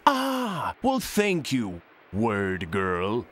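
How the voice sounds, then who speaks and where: Vain, drawling cartoon princess. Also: female voice, extremely low pitch, wildly swooping pitch, very slow, noisy background, exaggerated voice. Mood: reluctant. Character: vain self-styled princess, reluctant. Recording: cartoon clip with music.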